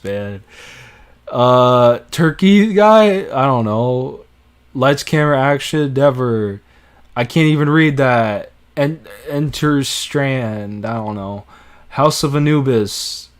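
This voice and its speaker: A young man talks casually on a live stream at a medium pitch. He swears freely and reacts with disbelief, running his thoughts together as he goes.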